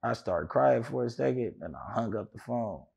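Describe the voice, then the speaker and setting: A man with a gravelly, rough voice sits for an interview and tells a long story. He rambles, restarts often and acts out the other people's lines as he goes. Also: medium pitch, expressive, normal speed, a little mellow. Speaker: interview guest. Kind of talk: casual storytelling.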